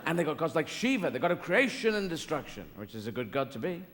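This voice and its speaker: Rambling stand-up comedian in a live hall. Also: male voice, a little high, very animated, fast talker. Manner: rambling, digressive, self-correcting. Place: theatre stage. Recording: live hall with long reverb and noise.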